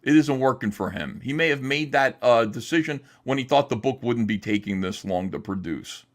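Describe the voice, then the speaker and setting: A man's voice: mid-range voice, expressive, normal speed. A man hosting a livestream, talking in a heated, profane, emphatic way while ranting and reading chat. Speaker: livestream host.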